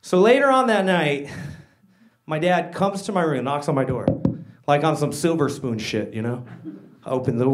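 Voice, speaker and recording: High, animated male stand-up comic. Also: normal speed, pauses often, slight background noise. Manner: excitable, slangy, addresses crowd as guys and dude. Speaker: stand-up comedian. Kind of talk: stand-up comedy set. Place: comedy stage before a live audience.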